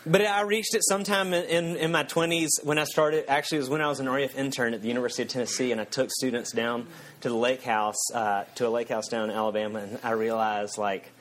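A man's voice: medium pitch, fairly even intonation, fast talker, few pauses, a bit bright. A man, preaching a sermon and telling a self-mocking story with frequent chuckles. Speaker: pastor. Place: church.

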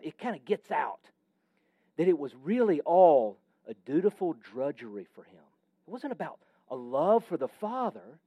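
A man's voice: sits high, dark tone, dry recording. A man preaching a sermon with emphatic, varied delivery that sometimes drops almost to a whisper. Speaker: pastor.

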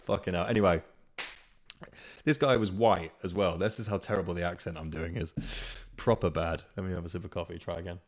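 A man's voice: sits low, fairly even intonation, brisk. A young man hosting a solo podcast, telling stories in a chatty way and swearing freely. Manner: chatty storytelling with swearing and laughs. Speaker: podcast host. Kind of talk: casual solo podcast chat.

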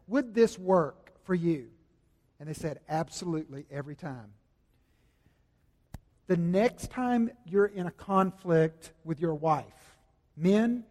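Male pastor with a high voice, conversational sermon, booming hall reverb. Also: darkish tone. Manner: conversational preaching with restarts and emphatic repetition.

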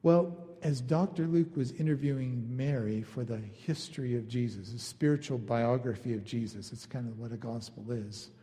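A man's voice: mid-range voice, moderate pace, hardly any pauses, dark tone, long reverb tail. A man preaching a sermon in a casual, conversational way, now and then acting out the people he quotes. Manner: conversational, acts out quoted lines. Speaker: pastor.

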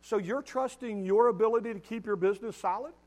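A middle-aged man delivers a sermon in a slightly high voice. He speaks emphatically and addresses his listeners head-on, repeating words as he drives a point home. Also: brisk, darkish tone. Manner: direct challenges to the congregation. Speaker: pastor.

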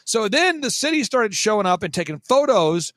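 A man, a guest on a talk show, telling stories in an emphatic, punchy way with quick bursts of mimicry. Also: high-pitched, sing-song, fairly bright tone, no room sound. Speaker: guest speaker. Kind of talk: animated storytelling on a talk show.

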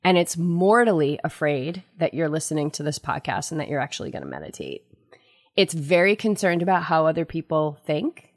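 Lower-voiced woman hosting a spiritual podcast. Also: a little fast, no echo, studio quality. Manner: earnest, storytelling, animated quoting. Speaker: podcast host. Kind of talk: spiritual self-help podcast talk.

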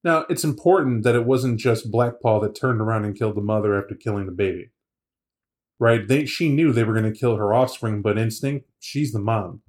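A man's voice: on the low side, fairly quick, a little mellow. A man co-hosting a podcast in casual chat, retelling a story with laughter and acted-out quotes. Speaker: podcast co-host.

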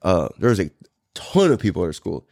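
A man's voice: deep voice, very animated, fairly quick, vocal fry, a little mellow, dry recording, studio quality. A man in his thirties from California, a podcast host telling a story in a loose, profane, rambling way with frequent laughs. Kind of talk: casual storytelling.

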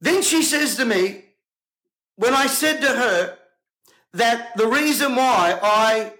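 An indignant male preacher with a strikingly high voice. He speaks to camera in a bright, forceful tone and keeps firing off rhetorical questions. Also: poor audio. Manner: emphatic, combative, rhetorical questions.

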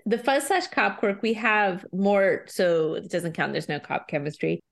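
A woman co-hosting a podcast in casual chat, talkative and quick to laugh, with lots of "like" fillers. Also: mid-range voice, creaky. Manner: chatty, laughs often, many "like" fillers. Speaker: podcast co-host discussing a TV episode.

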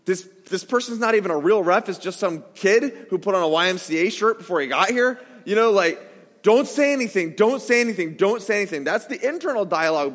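A man in his forties delivers a sermon in a fairly high voice, with a self-mocking storytelling manner. He sometimes bursts into shouted quotes. His voice carries a long echo, as if from a large hall. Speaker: pastor. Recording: echoey hall reverb.

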